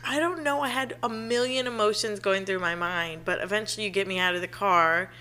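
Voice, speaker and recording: A woman's voice: mid-range voice, fairly quick, sharp tone, a little hiss or hum. A young woman co-hosting a casual chat, telling a story animatedly, acting out quotes and laughing often. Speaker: podcast co-host.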